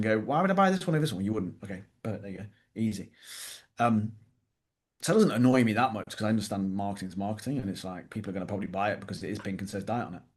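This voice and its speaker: A British man co-hosting a casual fitness podcast, blunt and animated, swearing freely as he tells stories. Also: on the low side. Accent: British English. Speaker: podcast co-host, fitness coach.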